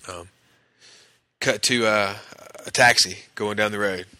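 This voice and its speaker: A man with a deep voice that has a forceful edge talks through a TV episode, scene by scene. He quotes the characters in his own voice as he goes. The sound is dry and close. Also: steady tone, unhurried, dry recording. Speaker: podcast host recapping a TV episode. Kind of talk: casual episode recap.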